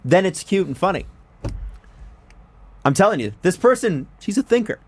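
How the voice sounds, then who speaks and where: A man co-hosting a podcast in casual chat, animated and laughing often, his voice swooping up for emphasis. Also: sits high, normal speed. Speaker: podcast co-host.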